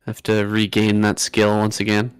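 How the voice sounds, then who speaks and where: Easygoing low-voiced man. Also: completely flat delivery, normal speed, clear, resonant tone, no echo, faint music behind. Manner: easygoing, self-mocking. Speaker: game caster. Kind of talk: casual chat during a stream.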